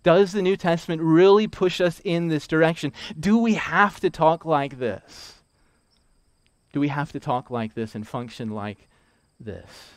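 A man preaching a sermon, emphatic, repeating key lines slowly for weight. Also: a little high, clean tone, no room sound, studio quality. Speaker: pastor.

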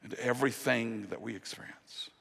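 A man preaching a sermon as pastor, earnest, dropping to a hushed, slow voice on the key promises. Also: medium pitch, gravelly, husky. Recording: long reverb of a large hall.

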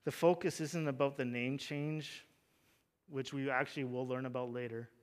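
A man's voice: mid-range voice, fairly even intonation, normal speed. A young adult man preaching a sermon, conversational, with joking asides and fervent emphasis on key points. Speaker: pastor.

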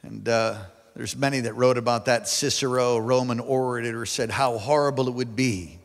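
A male pastor preaching a sermon to a large congregation, building to loud emphatic peaks and calling for responses. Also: mid-range voice. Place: large church hall. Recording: long hall reverb.

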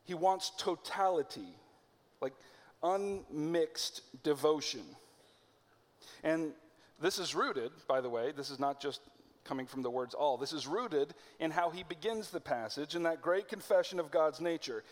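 Male pastor, higher-pitched voice, casual preaching with slow emphatic phrases, long hall echo. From United States. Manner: conversational preaching, slows and stresses key phrases. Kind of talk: sermon.

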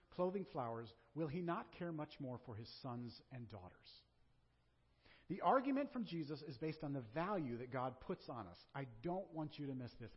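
In a church sanctuary, a male pastor with a Southern American accent gives a lively sermon, preaching conversationally and posing rhetorical questions. His voice is husky and fairly high-pitched. The recording sounds dull, with a long reverb from the hall.

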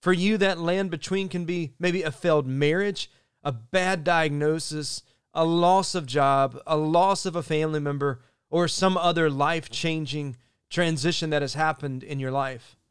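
A man preaching a sermon as pastor, earnest and measured, slowing down to stress key phrases. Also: fairly high pitch, steady tone, clean tone, no room sound, studio quality.

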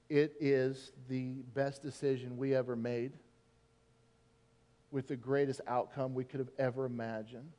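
A middle-aged man preaching a sermon in a church, telling stories and acting out biblical figures with animated shifts of voice. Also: mid-range voice. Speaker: pastor. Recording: long reverb of a church hall.

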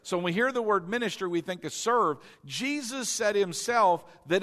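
A male pastor preaching a sermon in an animated way, calling on the congregation to repeat phrases after him. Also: sits high, normal speed, few pauses.

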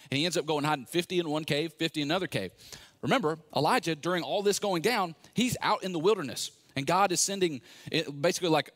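A man giving a sermon, retelling a Bible story in a relaxed, conversational way with playful asides. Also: on the high side. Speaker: pastor.

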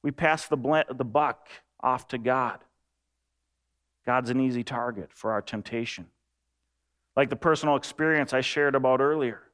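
A middle-aged man preaching a sermon as pastor, emphatic and animated, repeating phrases for weight. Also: mid-range voice, normal speed.

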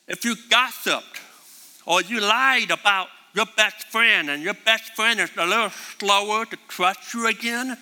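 A man's voice: high-pitched, sharp tone, long reverb tail. A man preaching a sermon as a pastor, emphatic and repeating his key phrases.

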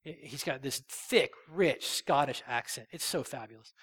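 A man preaching a sermon. He swells loud on key phrases, then drops soft. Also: mid-range voice, a little slow, slightly rough, in a large hall. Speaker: pastor. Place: church sanctuary.

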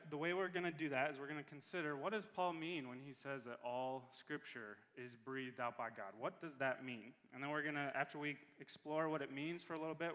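A man preaching a sermon as pastor in a church, earnest and repeating key phrases slowly for emphasis. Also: mid-range voice, fairly bright tone, in a large hall. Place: church sanctuary.

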